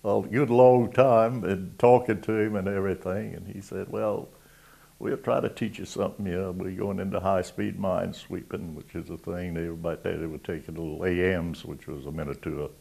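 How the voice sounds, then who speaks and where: A WWII navy veteran around ninety from Georgetown, South Carolina, tells old navy stories for an oral history in a folksy, rambling Southern way, chuckling between tales. His deep voice is steady in tone at normal speed, creaky, mellow and husky.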